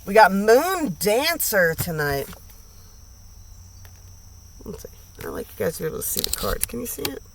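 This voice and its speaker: A woman's voice: mid-range voice, sing-song, normal speed, long pauses, slight background noise. A woman giving a casual tarot reading, blunt and emphatic, full of slang and swearing, repeating lines for emphasis. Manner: slangy and profane. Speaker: tarot reader.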